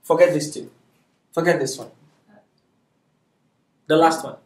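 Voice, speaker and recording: A man's voice: a little high, steady tone, measured pace, echoey room, far from the mic. A man teaching a beginners' Arabic class, patiently drilling syllables aloud and constantly checking that his students are following. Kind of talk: classroom lesson.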